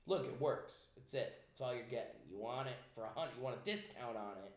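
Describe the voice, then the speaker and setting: A young man with an Italian-American accent, a podcast host telling a story in casual chat, profane and animated, slipping into voices. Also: medium pitch, brisk. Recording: echoey room.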